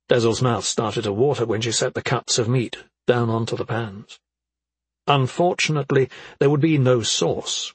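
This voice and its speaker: A man narrating a fantasy audiobook in a steady, even storytelling manner. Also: medium pitch, husky, no echo. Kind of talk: scripted narration.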